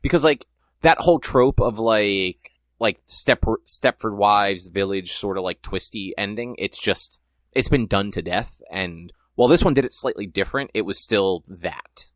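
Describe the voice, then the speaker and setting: Young dude on a podcast, lowish voice, rambles with tons of "like", dry sound. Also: male voice, unhurried, fairly bright tone, dry recording. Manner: rambling, heavy use of "like". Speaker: podcast co-host. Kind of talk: casual chat.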